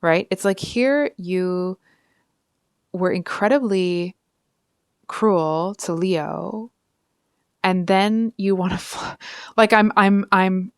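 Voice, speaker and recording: A woman's voice: medium pitch, takes it slowly, long pauses, clear, resonant tone, no echo, studio quality. A woman giving a casual, frank tarot reading straight to her viewers, chatty and full of asides. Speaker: tarot reader.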